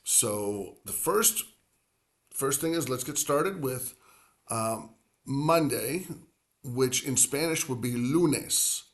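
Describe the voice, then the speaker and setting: Male language teacher, slow and rambling, stretches out each word he drills. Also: medium pitch, expressive. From grew up near the Atlantic coast. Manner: rambling, filler-heavy explaining, drawn-out repeated Spanish words. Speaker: Spanish teacher. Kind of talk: language lesson.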